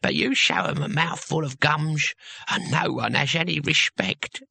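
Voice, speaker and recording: A man voicing a touchy, toothless old male barbarian hero in a storybook reading, talking gruffly and with sarcasm. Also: fairly high pitch, expressive, measured pace, pushed and bright, no room sound, full character voice. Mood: glum.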